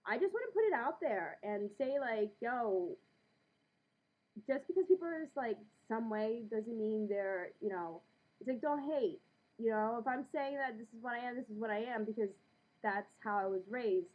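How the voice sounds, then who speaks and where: Young Latina vlogger, careful diction, emphatic, slightly muffled recording. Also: female voice, mid-range voice, slightly rough. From United States. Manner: enunciates every word, slips into Bronx Latina speech; lively and emphatic, with many fillers. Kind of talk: casual talk to camera.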